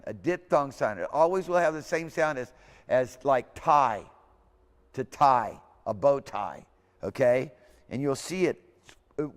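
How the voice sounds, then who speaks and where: A man lecturing a class in an informal, rambling way, correcting himself as he goes and repeating words aloud for students. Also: mid-range voice. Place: lecture hall. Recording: hall reverb.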